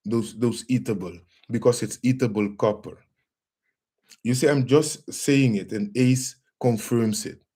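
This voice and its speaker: A man hosting a live stream, talking calmly and repeating himself as he addresses viewers as family. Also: mid-range voice, measured pace, breathy edge. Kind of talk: casual live stream demonstration.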